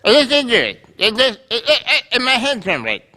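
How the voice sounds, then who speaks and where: A man's voice: extremely high pitch, huge pitch swings, fairly quick, bright, forceful tone, heavily acted. A man voicing a flustered, reluctant Moses who stutters and trips over his words. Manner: stuttering, tongue-tied.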